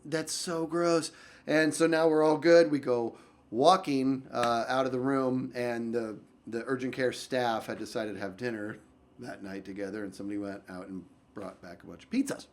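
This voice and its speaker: A young man telling a story on his vlog, very animated, swinging from loud outbursts to low mutters and rambling with lots of restarts. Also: normal speed, a little hiss or hum. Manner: rambling, full of likes and restarts. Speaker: YouTube storyteller.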